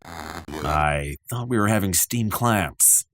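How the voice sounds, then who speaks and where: A man voicing a stern, suspicious older school superintendent with a gruff, deadpan way of questioning, in a cartoon game playthrough. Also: sits low, takes it slowly, no room sound, studio quality, voice pushed down, heavily acted.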